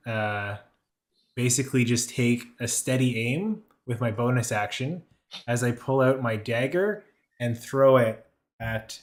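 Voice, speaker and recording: A player in a tabletop game, hesitantly working out the rules aloud. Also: mid-range voice.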